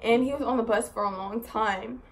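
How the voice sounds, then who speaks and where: In a fairly high-pitched voice at a moderate pace, a young woman rambles through a vlog story. She's animated and casual, saying "like" and "so" a lot and swearing when exasperated.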